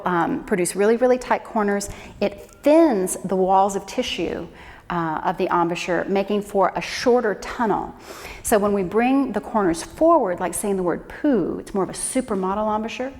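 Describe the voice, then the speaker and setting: Woman flute teacher in a reverberant room. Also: medium pitch. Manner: friendly, encouraging, demonstrative. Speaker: flute instructor. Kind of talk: instructional lesson. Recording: echo with long reverb.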